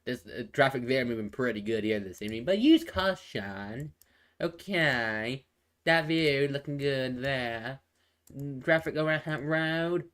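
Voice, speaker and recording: A man's voice: medium pitch, lively intonation, unhurried, a bit bright. A man giving casual live traffic and weather updates into a phone, rambling and repeating himself with many fillers and restarts. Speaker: amateur weather and traffic presenter.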